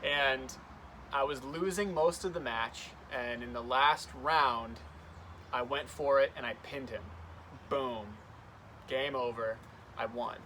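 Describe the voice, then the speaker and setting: A man's voice: medium pitch, takes it slowly, sharp tone, a little hiss or hum. A young man speaking as a youth pastor, telling a story in an earnest, conversational way. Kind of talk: youth devotional talk.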